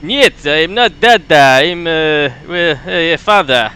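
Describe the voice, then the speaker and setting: A man's voice: on the high side, expressive, clear, resonant tone, full character voice. A man putting on a bragging Soviet pilot with a thick fake Russian accent. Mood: jovial. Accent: put-on Russian. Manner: broken grammar, halting with "uh", louder than his own talk. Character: boastful male Soviet pilot comrade. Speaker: streamer playing a flight sim.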